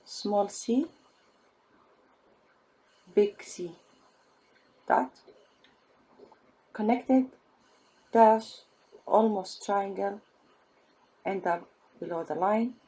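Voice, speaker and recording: Woman, teacher, very slow delivery, husky voice, patient step-by-step. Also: medium pitch, warm tone. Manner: patient, spells out letters and syllables one by one. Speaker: Arabic teacher. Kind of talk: slow step-by-step language lesson.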